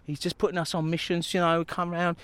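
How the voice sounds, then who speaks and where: A man's voice: fairly high pitch, monotone, a little fast, a bit bright, clear, resonant tone, no room sound, natural voice. A man voicing a shifty, cocky street dealer with a Cockney accent, rambling and evasive, out of breath, recorded outdoors on a hill.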